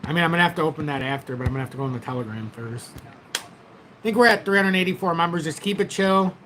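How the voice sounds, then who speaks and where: A man's voice: a little high, expressive, fast talker, noisy background. A man hosting a casual crypto livestream, rambling and chatty as he talks straight to his viewers through a tablet's built-in mic. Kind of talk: casual livestream market commentary.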